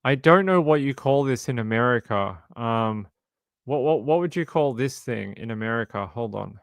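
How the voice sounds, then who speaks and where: An Australian man in his forties hosts a livestream, casually chatting with and answering viewers, cracking jokes and repeating himself. His gravelly voice sits at medium pitch with lively intonation and normal speed, and there is no room sound.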